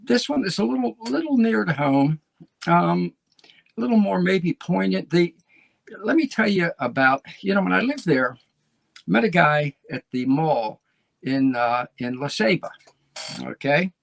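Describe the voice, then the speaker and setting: A man's voice: high-pitched, expressive, a little slow, creaky. A man hosting his own show, telling stories in a loose, rambling way with many restarts. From United States. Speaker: show host. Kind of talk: casual monologue to camera.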